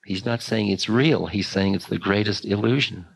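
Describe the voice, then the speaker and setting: An older man giving a spiritual talk, musing slowly with long pauses. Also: on the low side, vocal fry, slightly rough, poor audio. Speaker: spiritual teacher. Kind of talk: dharma talk.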